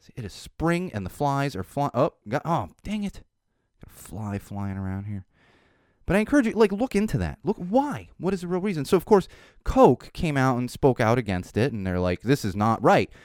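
Sarcastic ranting man, lively pitch. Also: normal speed, dry recording, clean studio sound. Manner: sarcastic, ranting, frequent restarts and laughs. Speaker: podcast host. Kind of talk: casual opinion monologue.

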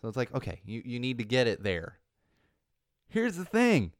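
A man's voice: mid-range voice, wildly swooping pitch, moderate pace, dry recording, clean studio sound. A man hosting a podcast, ranting casually with sarcastic, rambling asides. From California. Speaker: podcast host.

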